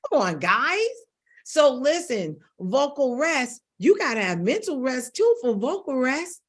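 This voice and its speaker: A woman's voice: sits high, sing-song, a little slow. A middle-aged woman vocal coach teaching to camera in an emphatic, coaxing way that repeats phrases for stress. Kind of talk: instructional talk to camera.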